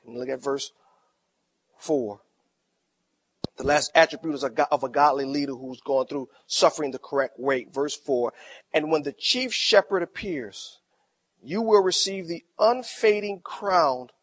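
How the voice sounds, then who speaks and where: A middle-aged pastor preaches a sermon, shifting from quiet storytelling to loud, emphatic lines. His voice is a little high.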